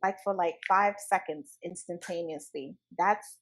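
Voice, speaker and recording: A woman's voice: lowish voice, measured pace, low-quality recording. A woman guest speaking earnestly in a spiritual interview, stressing her points by repeating key phrases. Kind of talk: casual spiritual conversation.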